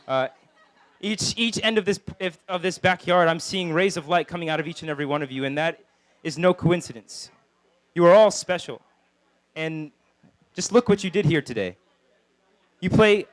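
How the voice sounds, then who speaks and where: A man gives an earnest, heartfelt wedding toast to the couple in an outdoor backyard. His voice sits somewhat high, and the sound is dry with no echo. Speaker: wedding guest giving a toast.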